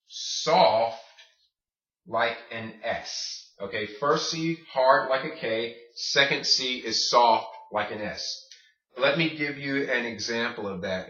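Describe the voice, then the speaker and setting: A man teaching a casual language lesson, patient, repeating words slowly and checking in with "okay?". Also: medium pitch, pushed and bright. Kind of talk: casual classroom-style lesson. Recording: roomy, distant, dull lo-fi sound.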